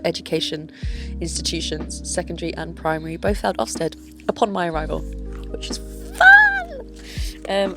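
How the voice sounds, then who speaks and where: Young woman rambling on about her life, lowish voice with a bit of fry, swears a lot, music going behind her. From born in Northern Ireland, grew up in Kent, England. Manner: rambling, chatty, swears freely. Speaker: vlogger. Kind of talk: casual chat to camera.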